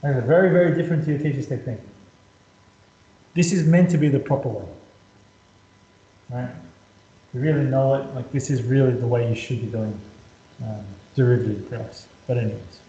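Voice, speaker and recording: A man's voice: medium pitch, normal speed, pauses often, dark tone. A man tutoring maths in a casual whiteboard lesson, chatty and repetitive, talking students through each step. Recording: roomy echo, slightly dull lo-fi sound.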